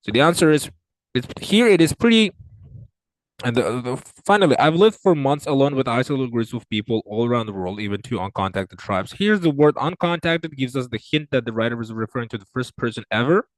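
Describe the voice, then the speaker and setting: A man teaching an exam reading lesson, working through answers aloud with frequent fillers, restarts and swings in pitch and loudness. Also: expressive, fairly quick, dry recording. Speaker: IELTS tutor. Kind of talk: screen-recorded reading lesson.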